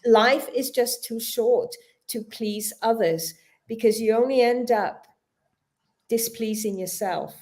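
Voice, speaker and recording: A middle-aged British woman, a talk show guest, telling lively stories with frequent laughter. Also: a little high, takes it slowly. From Britain. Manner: expressive storyteller, laughs often. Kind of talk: live-streamed talk show chat.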